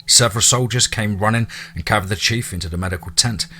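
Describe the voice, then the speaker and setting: A man narrating a monster horror story in a steady, dramatic reading. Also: on the low side, fast, husky.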